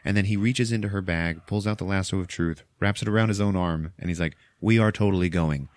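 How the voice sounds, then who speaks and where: Deep-voiced podcast host recapping a movie. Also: male voice, fast talker, dry recording. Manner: chatty, laughs often, swears casually, acts out quotes.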